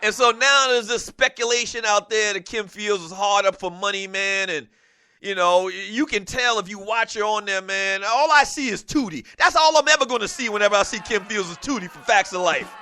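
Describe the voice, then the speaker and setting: A man hosting a call-in sports talk show, talking in an animated, casual way, laughing often and dropping "man" into his sentences. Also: high voice, a little fast.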